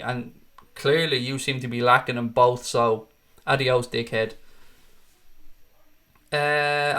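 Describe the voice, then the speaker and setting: A man's voice: mid-range voice, sharp tone. A man hosting a casual fan channel livestream, answering viewer comments in a blunt, outspoken and often profane way. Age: adult with a wife and kids.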